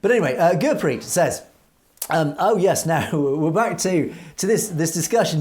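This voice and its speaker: A British man co-hosts a political commentary show, reading out viewer comments in an emphatic, earnest way and often restarting his sentences. His voice sits on the high side with lively intonation, a darkish tone, and normal speed.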